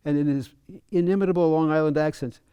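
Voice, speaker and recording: A man coaching at a fencing clinic, talking in a halting way, restarting and repeating words. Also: fairly high pitch, steady tone, smooth, no room sound, highs cut off. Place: fencing center.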